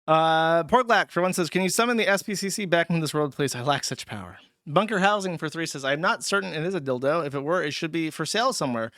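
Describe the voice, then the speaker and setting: A man's voice: a little high, fairly bright tone, dry recording, studio quality. Crude sarcastic man streaming. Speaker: streamer reading donations. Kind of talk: casual livestream chat.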